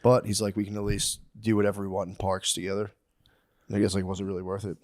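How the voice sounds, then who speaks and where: A man co-hosting a comedy podcast in casual chat, rambling and acting out quotes, sometimes jumping into a shrill voice. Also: little pitch movement, fast talker, darkish tone. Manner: rambling, acts out quotes with sudden high-pitched outbursts. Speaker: podcast co-host.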